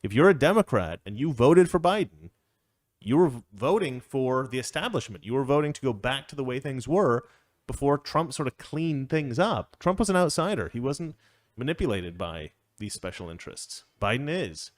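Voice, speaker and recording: A man's voice: medium pitch, expressive, normal speed, no echo, studio quality. A man hosting a casual political commentary show, opinionated and rambling, chuckling often as he talks. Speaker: show host.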